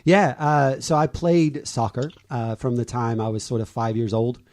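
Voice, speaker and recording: A man's voice: mid-range voice, fairly even intonation, normal speed, darkish tone. Hesitant man hosting a podcast. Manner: hesitant, many fillers and restarts. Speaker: podcast host. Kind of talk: casual sports chat.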